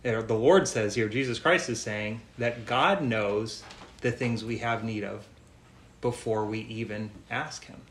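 A man preaching a sermon in a gentle, earnest way, repeating phrases for emphasis. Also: medium pitch. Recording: echoey room, faint noise.

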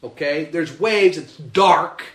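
A man preaching a sermon, animated and emphatic, acting out the story as he tells it. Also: on the high side, slow pace, reverberant. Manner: animated, acts out the scene with rising emphasis.

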